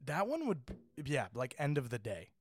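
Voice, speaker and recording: A man's voice: medium pitch, huge pitch swings, normal speed, a little hiss or hum. A man from California co-hosting a podcast, chatting casually, acting out imagined dialogue, swearing and laughing often. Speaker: podcast co-host. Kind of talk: casual chat.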